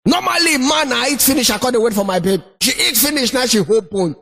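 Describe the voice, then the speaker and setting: A man with a Nigerian Pidgin accent, doing animated stand-up storytelling and shouting his punchlines. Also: extremely high pitch, fast talker, creaky. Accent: Nigerian Pidgin English. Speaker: stand-up comedian. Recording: noisy recording.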